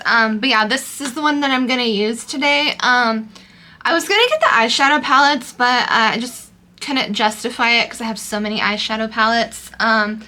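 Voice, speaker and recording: A woman's voice: on the high side, sharp tone. A young woman chatting casually through a makeup tutorial, loose and full of fillers. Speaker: beauty vlogger.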